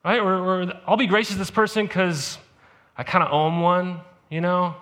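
A man's voice: high voice, level tone, normal speed, sharp tone. A male pastor preaching a sermon in a conversational way, often checking in with "right?". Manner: conversational, peppered with "right?" asides. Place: church service.

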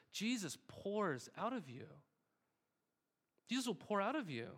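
A young man preaching with a notably high voice. He keeps things conversational, asking the congregation questions and answering them himself. He leans on repeated phrases for emphasis. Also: fairly bright tone. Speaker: pastor. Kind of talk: sermon.

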